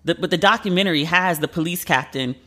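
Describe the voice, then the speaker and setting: Talking fast in a lowish, sharp-toned voice, this podcast host tells a story on her own in a casual format. Her delivery is chatty and emotional, packed with filler words.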